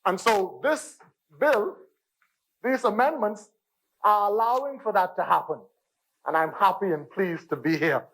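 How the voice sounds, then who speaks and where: Man, Bahamian accent, parliamentary debate speech, high voice, forceful and insistent, repeats phrases for emphasis. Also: unhurried, long pauses, low-quality recording. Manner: emphatic, repeats "Mister Speaker" and phrases for stress. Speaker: member of parliament. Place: parliament chamber.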